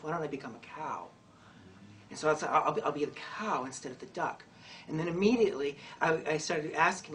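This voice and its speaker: A woman tells a wandering personal story, stumbling over her words and circling back as she goes. She sounds distant from the mic, with a faint hum of the room underneath. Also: sits low. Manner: rambling, halting, with many restarts and laughter. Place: room with people.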